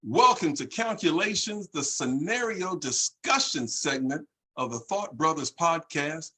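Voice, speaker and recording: Male host who reads scenarios aloud, slightly raised pitch and a husky edge. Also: animated, measured pace, pushed and bright, soft background music. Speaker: podcast host.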